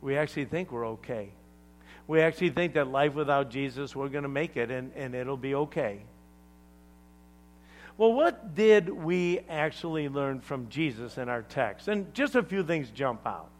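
A man preaching a sermon to a congregation, swinging between loud emphatic lines and hushed asides, joking with the room. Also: medium pitch, normal speed, a little hiss or hum. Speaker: pastor.

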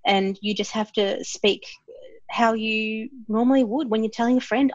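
A woman co-hosting a business podcast, who talks in a bold, animated way about branding and marketing. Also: a little high, normal speed, dry recording, highs cut off. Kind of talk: casual business chat.

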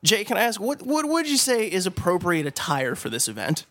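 A man co-hosting a radio show, teasing guests and asking quick questions. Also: high voice, huge pitch swings, a bit bright. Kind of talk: casual radio banter.

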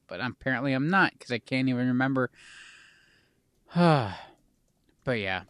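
Rambling animated man, dry sound. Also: medium pitch, moderate pace, long pauses, dry recording. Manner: rambling, loses his train of thought, swears casually. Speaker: podcast co-host. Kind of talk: casual chat.

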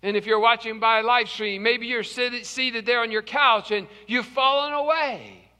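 A male pastor preaching a morning sermon in a dramatic storytelling style, swinging between loud and hushed. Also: very high-pitched, steady tone, a little slow, clean tone, big-room sound. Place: church service, live streamed.

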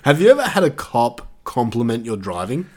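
A man's voice: medium pitch, very animated, brisk, darkish tone, slight background noise. A young Australian man chatting casually on a podcast, rambling with lots of fillers, swearing and laughing often. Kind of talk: casual chat.

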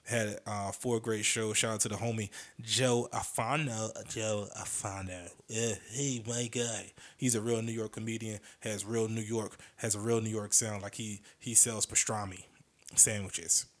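A man hosting his own podcast, chatting casually and rambling with hesitations and quick impressions of other comedians. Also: on the low side, flat delivery.

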